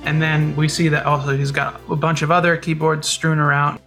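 A woman casually telling a story as a guest, relaxed and acting out quoted voices. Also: sits low, brisk, faint music behind.

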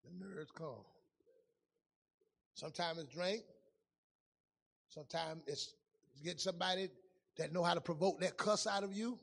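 A high-pitched male pastor preaches in a relaxed, storytelling way, shifting from loud bursts to near murmurs. His voice rings out in a big room with a long echo trailing behind it. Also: a little slow, vocal fry, pauses often, husky. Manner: conversational preaching, swings between loud and hushed. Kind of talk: sermon.

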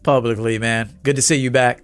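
A man's voice: mid-range voice, fairly even intonation, a little fast, faint music behind. A man, a dating coach talking bluntly and with swagger to viewers on a livestream.

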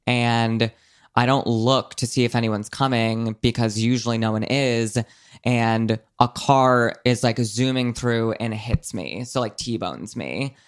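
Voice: mid-range voice, clear, resonant tone. Casting: young adult podcast co-host, casual, chatty, rambling, swears freely. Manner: rambling, filler-heavy, swears often. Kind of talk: casual chat.

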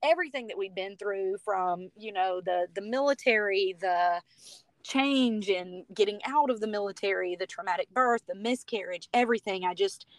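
American woman, podcast guest, casual heartfelt storyteller, middle pitch. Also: moderate pace, no room sound. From United States. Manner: chatty and heartfelt, full of "you know" and "like". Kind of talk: personal storytelling in a podcast interview.

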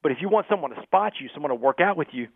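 Fast-talking man on a phone line. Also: fairly high pitch, creaky, dry recording. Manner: fast, animated storyteller, keeps saying "man". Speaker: podcast guest. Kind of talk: storytelling interview.

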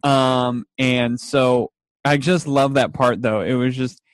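Man, casual recapper, animated storyteller with laughs, dry close mic. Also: mid-range voice, slow, dry recording. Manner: animated retelling with laughs and acted quotes. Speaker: podcast co-host.

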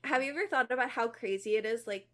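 A woman's voice: on the high side, fast talker, fairly bright tone. A young woman from the New York area chatting casually as a podcast co-host, with plenty of fillers. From New York area, USA. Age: young adult. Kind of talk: casual chat.

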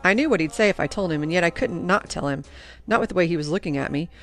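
A woman's voice: on the low side, quick pace, soft background music. Reflective woman narrating a story. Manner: reflective, even-paced storytelling. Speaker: audiobook narrator. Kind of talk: scripted first-person narration.

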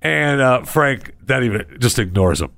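A man's voice: medium pitch, lively intonation, normal speed, creaky, fairly bright tone, no room sound, studio quality. A man, hosting a talk show and telling a joking, rambling story. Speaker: radio show host. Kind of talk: casual chat.

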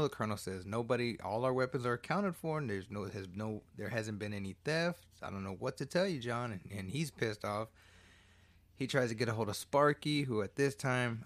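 A man's voice: mid-range voice, a bit bright. Guy in his 30s rambling through a movie recap, lots of cursing and side notes. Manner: rambling, swearing, joking asides. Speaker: movie reviewer. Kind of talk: casual profane movie recap.

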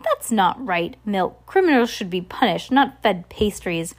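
A woman's voice: medium pitch, very animated, measured pace. A woman voicing a blunt, sneering male delivery man.

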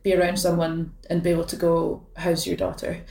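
A Scottish woman in her late twenties talks low and unhurried, picking her words with plenty of small stops and restarts. Her voice sits a little down in pitch. It comes from some way off the mic in a room that rings around her. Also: monotone, creaky, darkish tone. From Scotland. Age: late 20s. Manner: thoughtful, hesitant, many fillers and restarts. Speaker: badminton player, guest. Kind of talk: casual interview chat. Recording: roomy sound from a distant mic.

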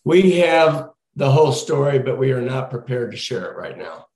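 A man's voice: mid-range voice, expressive, moderate pace, a little mellow, reverberant, rough recording. An older man speaking as an interview guest, blunt and firm in short statements. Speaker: guest, father of a detained officer. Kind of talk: candid interview conversation.

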